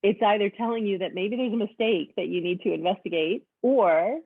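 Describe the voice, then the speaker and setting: A woman's voice: mid-range voice, fairly quick, vocal fry, husky, no room sound. A woman hosting a teaching webinar, attentively summing up points and asking her guest questions over a video call. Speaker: host, education director. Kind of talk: hosted webinar interview. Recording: tinny phone-like call audio.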